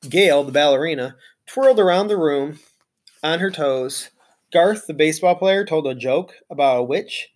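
A reader narrates a children's chapter book aloud with lively expression. The voice sits at a middle pitch and carries the story along with an engaging storytelling manner. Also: normal speed.

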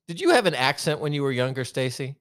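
A man co-hosting a sports podcast, chatting casually and rambling through halting restarts. His voice sits at a middling pitch, recorded dry and close with no room sound. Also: sing-song, fairly bright tone, dry recording. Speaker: podcast co-host.

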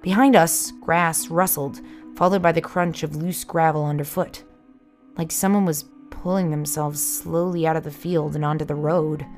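A woman narrates a scary story in a low, hushed voice, drawing out tense moments. Faint music plays under her. She sounds close and intimate. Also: steady tone, moderate pace.

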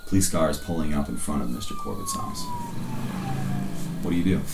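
A man's voice: low-pitched, wildly swooping pitch, a little fast, reverberant, heavy background noise. A man narrating as game master of a tabletop game in a theatrical, scene-setting way.

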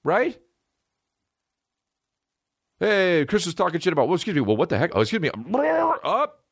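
A man voicing a hostile male cult leader who rants, curses and hurls insults in a high, strained voice. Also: sing-song, moderate pace, vocal fry, breathy edge, heavily acted. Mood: angry ranting. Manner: profane, yelling insults.

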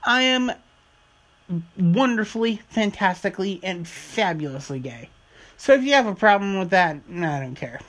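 A man's voice: high-pitched, expressive, moderate pace, fairly bright tone. A man hosting his own podcast in a casual, rambling monologue, swearing freely as he talks. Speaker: podcast host.

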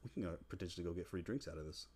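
A man with a fairly low voice spins a rowdy story in loose, casual podcast talk. He swears freely, laughs a lot and jumps into playful imitations of his friends. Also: very fast, a little mellow. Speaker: podcast co-host.

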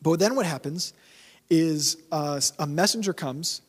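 A man preaching to his church in a loose, conversational way, hammering points home through repetition. His voice sits a little high for a man. The sound carries a long reverb, as in a large hall. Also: measured pace, breathy edge. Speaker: pastor. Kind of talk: sermon.

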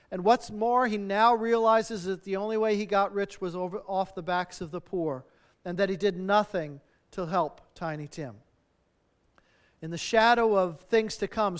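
A man preaching a sermon, earnest, with strings of rhetorical questions and phrase endings that drop soft. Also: high voice, clean tone. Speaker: pastor.

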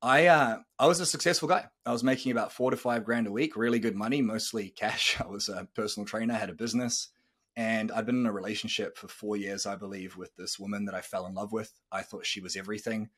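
A man's voice: lowish voice, steady tone, fast talker, a bit bright, breathy edge. A man in his thirties hosting a podcast, telling a personal story in a candid, earnest way and swearing casually. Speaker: podcast host.

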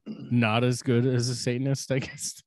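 A man's voice: medium pitch, level tone, normal speed, darkish tone, no echo, studio quality. A young man co-hosting a casual podcast, rambling and crude, mocking himself and laughing often. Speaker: podcast co-host.

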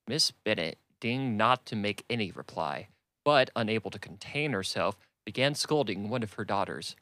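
A man reading a classic novel aloud in a measured, even manner. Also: lowish voice, dry recording. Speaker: audiobook reader.

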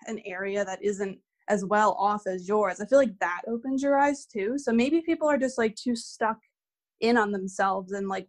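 A young woman with a mid-range voice chats as a podcast guest. Her speech is casual and easygoing, full of "like" fillers, and she agrees readily with the host. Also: mid-range voice. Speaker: guest, neuroscience PhD candidate. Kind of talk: casual conversation.

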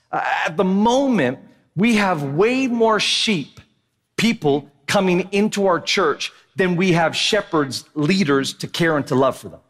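A man in his thirties preaching a sermon as pastor, telling a funny family story in an animated, joking way and often asking the crowd "right?". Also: fairly high pitch. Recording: long hall reverb of a church.

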